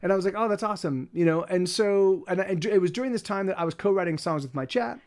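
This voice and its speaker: A man's voice: high-pitched, fast talker. A man who works as a musician tells a story casually on a livestream, rambling and cutting himself off. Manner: rambling, self-interrupting, softly spoken. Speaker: working musician and streamer.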